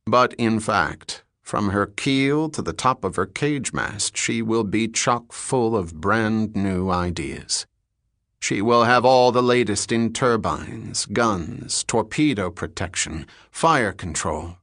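A man's voice: lowish voice, animated, takes it slowly, fairly bright tone, dry recording, studio quality, full character voice. A man doing an emphatic, fervent navy captain. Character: commanding male naval captain, grandiose and intense.

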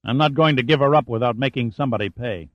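A stern Navy commander, played by a man reading an audiobook, barks clipped orders in a raised, forceful voice, pitched above his usual register. The recording is dull and muffled, with a dry, close sound and no room around it. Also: fast talker, no room sound, lightly acted. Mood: resolute.

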